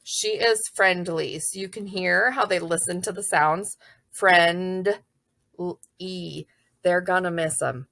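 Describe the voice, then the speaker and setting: A woman's voice: fairly low pitch, steady tone, takes it slowly, creaky, a bit bright, dry recording. A young woman teacher explaining how to guide young children's writing in a chatty, upbeat way. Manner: chatty, upbeat, acts out child voices and praise.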